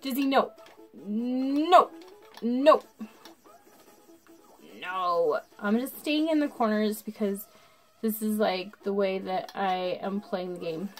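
A drunk woman commentating her gameplay casually, swearing and breaking into excitable outbursts while talking to her viewers. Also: medium pitch, measured pace, faint music behind. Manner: talks to the viewers. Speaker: gaming channel host.

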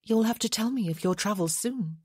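Woman putting on a gentle, witty young widow. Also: fairly high pitch, fairly quick, slightly rough, dry recording, clean studio sound, voice pushed up. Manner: gentle, prodding.

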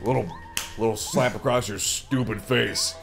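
A man's voice: medium pitch, steady tone, a little slow. A man voicing a brash villainous male turtle king who taunts crudely and gloats. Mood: gloating. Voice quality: gravelly, gloating. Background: game music.

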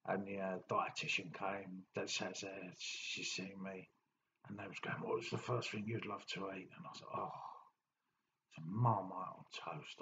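A man telling his own story in a blunt, plain-spoken diary monologue, halting with many fillers. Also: low-pitched, sharp tone, a little hiss or hum, rough recording. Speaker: diary vlogger.

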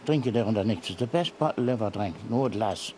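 A man's voice: fairly low pitch, lively intonation, fairly quick, darkish tone, a little hiss or hum. An older man with a Waterford Irish accent, a retired factory worker, chatting in an interview in a broad storytelling manner.

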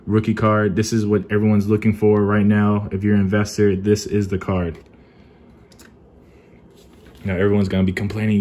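A young man narrates a trading card unboxing in his apartment. He keeps his voice down and talks in a fairly flat, subdued way. His voice sits a little low. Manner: kept low and subdued, calls himself monotone. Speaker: card collecting YouTuber. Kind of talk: casual unboxing commentary. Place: apartment at home.

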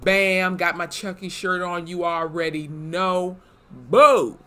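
Young woman ranting thru a tv recap, bright sharp voice, swears a lot. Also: lowish voice, unhurried, clean tone. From Wisconsin, USA. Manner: animated, swearing, lively asides. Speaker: YouTube TV reviewer. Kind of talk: casual episode recap.

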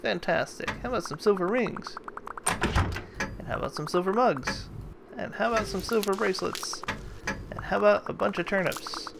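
A man's voice: sits high, moderate pace, vocal fry, background noise. A man hosting a let's play, giving casual, jokey gameplay commentary and thinking aloud as he plays.

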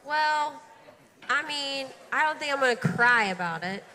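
Woman as a gentle young woman, high bright voice, slow, hall reverb. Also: expressive, heavily acted. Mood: plaintive.

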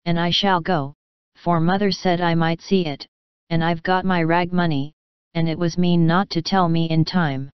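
A woman's voice: on the low side, little pitch movement, normal speed, smooth, dry recording, muffled recording, lightly acted. A woman voicing a spoiled, pleading youngest sister in a storybook reading, coaxing and whining.

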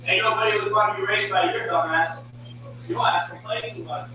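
A young man argues over a video call, fast and taunting, tossing out curses and slang. His voice sits high and bright. The call audio is very echoey and distant, with faint noise behind. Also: fairly even intonation. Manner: taunting, profane, says bro a lot. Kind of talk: heated argument on a video call.

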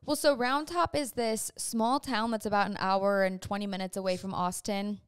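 A woman's voice: mid-range voice, fairly even intonation, moderate pace, clean tone, no echo, studio quality. A young woman hosting a casual chat with her mom, chatty and often laughing. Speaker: host.

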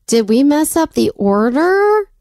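A woman co-hosting a podcast in a casual chat, playful and teasing and quick to laugh. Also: high voice, big pitch swings, darkish tone, no room sound, clean studio sound. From United States. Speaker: podcast co-host.

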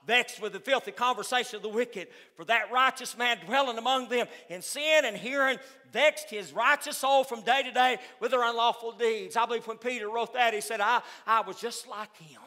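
Man, pastor, fervent sermon, very high voice, reverberant church hall. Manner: fervent preaching with sudden loud outbursts. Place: church sanctuary.

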